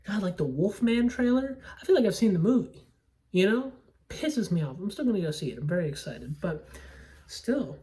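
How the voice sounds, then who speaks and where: A woman's voice: medium pitch, sing-song, normal speed, warm tone, far from the mic. A young woman talking casually at home about movies, rambling, swearing freely and cutting herself off mid-thought. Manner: rambling, profane, self-interrupting. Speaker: podcast host reviewing movies. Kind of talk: casual solo movie talk.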